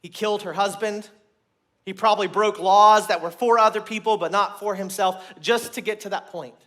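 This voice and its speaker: A man preaching a sermon to a room, earnest and repeating his points, growing loud and emphatic at key moments. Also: sits high, fairly even intonation, normal speed. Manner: earnest, repeats phrases, restarts words.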